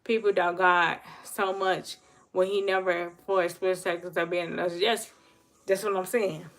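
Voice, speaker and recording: A woman's voice: lowish voice, little pitch movement, unhurried, fairly bright tone. A woman giving an earnest, emotional talk about faith to viewers on her livestream. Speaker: livestream host. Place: home livestream.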